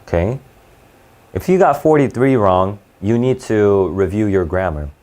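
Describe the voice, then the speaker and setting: A man teaching an SAT class live, talking in a halting, conversational way with frequent restarts and fillers. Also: lowish voice, animated, darkish tone. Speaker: SAT tutor.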